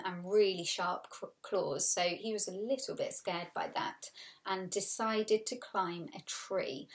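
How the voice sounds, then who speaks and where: Expressive woman teacher reading aloud. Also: lowish voice. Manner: expressive read-aloud with patient vocabulary explanations. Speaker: primary school teacher. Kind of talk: recorded storybook reading lesson.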